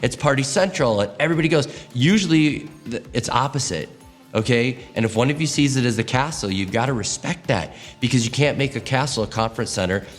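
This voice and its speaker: A man's voice: mid-range voice, a little fast, faint music behind. A man, a pastor, giving a teaching talk to church leaders, telling stories expressively and acting out quotes. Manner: expressive, animated storytelling with acted quotes.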